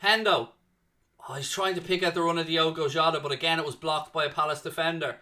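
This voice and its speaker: A young man hosts a live fan watchalong, calling the action and chatting with viewers between plays. His voice sits a little high and he talks fast, with chatty, excitable play-by-play and chat messages read aloud.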